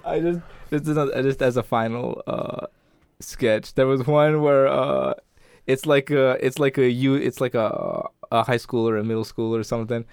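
A man's voice: mid-range voice, steady tone, normal speed, darkish tone, clear, resonant tone, dry recording, clean studio sound. A man co-hosting a podcast, chatting casually in a rambling way full of restarts and filler words. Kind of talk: casual chat.

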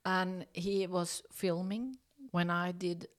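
A woman's voice: fairly low pitch, takes it slowly. A middle-aged woman from Norway, speaking English as an as an interview guest, telling a story casually with fillers and restarts and acting out the dialogue. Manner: hesitant, many fillers and restarts, lively when acting out dialogue.

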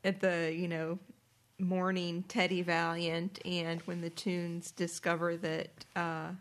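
Slow, low-voiced heartfelt woman. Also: completely flat delivery. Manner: warm, heartfelt, laughs while talking. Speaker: podcast co-host. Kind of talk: casual movie review chat.

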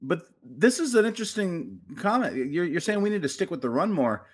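A man's voice: high-pitched, sing-song, brisk. A man co-hosting a casual sports podcast, thoughtful and pushing back with questions. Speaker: podcast co-host.

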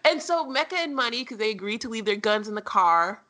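A woman co-hosting a casual book discussion podcast, animated and profane, laughing often. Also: fairly high pitch, brisk. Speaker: podcast co-host.

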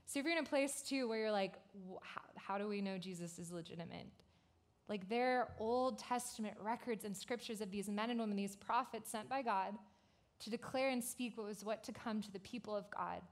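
A woman preaching to a youth group in a loose, chatty way. Her voice sits a little high, and she tells the story with lively asides and many "like" fillers. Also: a little fast. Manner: casual, conversational, frequent "like" fillers; animated storytelling. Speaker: pastor. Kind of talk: youth sermon.

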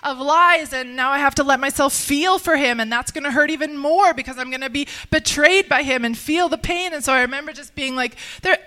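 A woman sharing a personal faith testimony in conversation, earnest and halting, with many restarts. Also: high voice, sharp tone.

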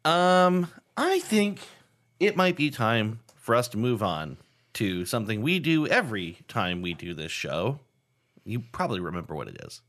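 A man's voice: mid-range voice, very animated, normal speed. A man co-hosting a comedy podcast, playfully running a quiz game and breaking into mock-announcer bits. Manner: playful, bursts into mock-announcer shouting and sing-song. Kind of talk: casual comedic chat.

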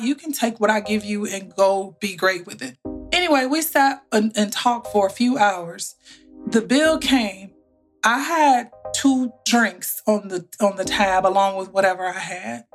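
A woman hosting a motivational podcast, telling stories in a lively, colloquial way and speaking straight to her listeners. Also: mid-range voice. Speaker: podcast host and business coach.

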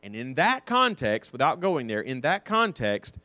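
A man teaching a Sunday School Bible lesson, putting questions to the class and repeating key phrases slowly for stress. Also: medium pitch, big pitch swings, sharp tone, dry recording.

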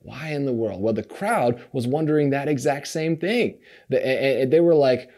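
A male pastor preaching with a mellow, dark-toned voice at a middle pitch. He retells the story conversationally, circling back over words and restarting phrases as he goes. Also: normal speed, hardly any pauses. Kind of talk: sermon.

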